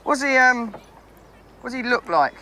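A cheeky, boastful con man with a high voice. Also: animated, pushed and bright, slight background noise, exaggerated voice. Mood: blustering. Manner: cheeky, boastful, quick patter. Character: cocky, boastful male con man, young adult. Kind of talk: film acting.

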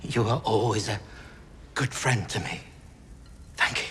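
An actor on a theatre stage playing a wary miser, delivering measured lines. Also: male voice, fairly low pitch, fairly bright tone, in a large hall, a little hiss or hum.

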